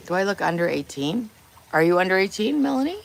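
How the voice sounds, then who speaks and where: A woman's voice: medium pitch, sing-song, quick pace, creaky, a little hiss or hum. A woman hosting a casual livestream from her kitchen, chatting bluntly with viewers and swearing freely. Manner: blunt, profane, teasing chat. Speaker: livestream host. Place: home kitchen.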